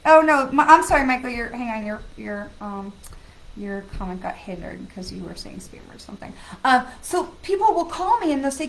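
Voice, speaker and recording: Lady psychic chatting live to her viewers, high voice, earnest and rambling. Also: expressive, moderate pace, rough recording. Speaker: psychic medium hosting a live stream. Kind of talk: casual live-stream chat.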